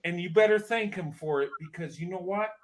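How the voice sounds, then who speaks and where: A man's voice: high voice, brisk, a little hiss or hum. A man in his fifties giving an emotional, emphatic personal testimony, often repeating himself. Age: 50s.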